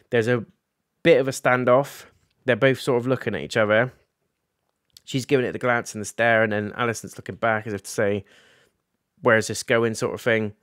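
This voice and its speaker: A man chats through a TV episode recap, voicing characters' lines as he goes. His voice sits at an ordinary middle pitch, and the sound is dry and close. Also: no echo. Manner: animated, recaps scenes and acts out characters' lines. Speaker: TV reviewer. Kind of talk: casual episode review.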